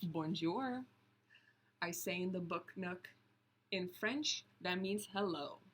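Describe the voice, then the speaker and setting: A woman reading a picture book aloud, slow and deliberate, stopping to point out the pictures. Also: on the low side, lively intonation, background noise. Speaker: storybook reader.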